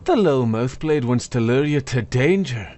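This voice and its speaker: A man's voice: medium pitch, lively intonation, a little slow, a little mellow, soft background music, close to an everyday voice. A man narrating a fantasy story, voicing a blunt, hearty blacksmith wife. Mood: firm.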